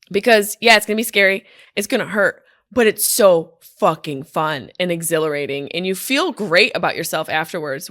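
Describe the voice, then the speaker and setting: A woman comedian telling casual stories on a podcast, animated, profane and self-deprecating, from a hotel room. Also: mid-range voice, no room sound, clean studio sound. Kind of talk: casual storytelling monologue.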